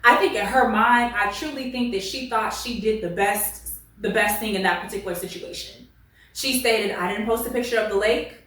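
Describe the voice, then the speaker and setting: A woman's voice: mid-range voice, moderate pace, far from the mic. Sassy woman talking in an echoey room. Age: late 20s. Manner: animated, sassy, laughs a lot. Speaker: reddit story reader and commentator. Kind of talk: casual commentary vlog. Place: at home.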